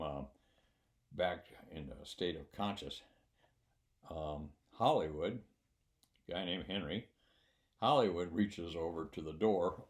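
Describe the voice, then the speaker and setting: An older man who once trained pilots tells a story in a low voice. He rambles with plenty of fillers and a dry sense of humor. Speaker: former military flight instructor. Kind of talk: casual spoken anecdote.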